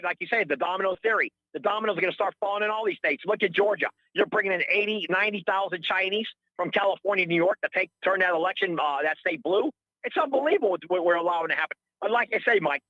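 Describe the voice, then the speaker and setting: Fast, high-pitched ranting man caller. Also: no room sound, highs cut off. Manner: rambling, indignant, repeats himself. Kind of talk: heated call-in rant.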